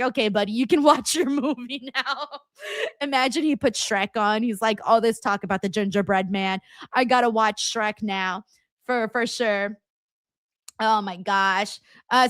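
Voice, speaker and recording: A woman hosting a live wrestling watchalong, chatting casually and reading viewer comments. She laughs often and swears freely, with a bright, fairly high voice. The sound is close and dry. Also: no room sound.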